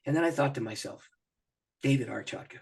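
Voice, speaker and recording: A man's voice: mid-range voice, a little fast, gravelly, darkish tone, slightly rough. A middle-aged man, a pastor and author, telling personal stories as an interview guest, acting out his own thoughts and laughing often. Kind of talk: animated personal storytelling in an interview.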